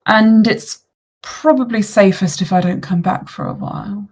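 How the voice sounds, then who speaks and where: A woman's voice: mid-range voice, normal speed, a little mellow, breathy edge, natural voice. A woman voicing an aloof, cryptic being bound to a house, speaking in a curt, solemn way.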